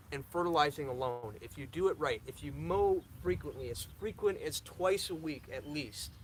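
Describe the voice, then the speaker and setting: A young man hosts a live stream for his lawn care channel, reading viewer questions aloud and answering them casually and repetitively, stuttering now and then. His voice is medium in pitch, and the low-quality recording carries slight background noise.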